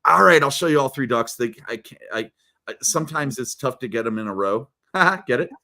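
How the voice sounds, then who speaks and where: Male guest, lively rising and falling pitch, excited storyteller who restarts phrases a lot. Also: brisk. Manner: animated storyteller, repeats words, swings loud and soft. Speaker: guest speaker. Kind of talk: casual interview chat.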